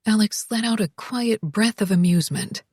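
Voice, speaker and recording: A woman reading an audiobook in a measured, even storytelling manner, close to the microphone. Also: mid-range voice, husky, dry recording. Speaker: audiobook narrator. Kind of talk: scripted audiobook narration.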